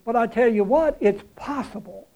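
A man's voice: extremely high pitch, moderate pace, gravelly, mellow, low-quality recording. A man preaching a sermon, retelling a story in a folksy, conversational way with chuckles and emphatic repetition.

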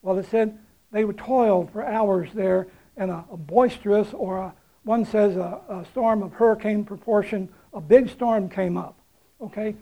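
A man's voice: sits high, normal speed, dark tone, rough recording. A man preaching a sermon, retelling a story in a folksy, conversational way with chuckles and emphatic repetition.

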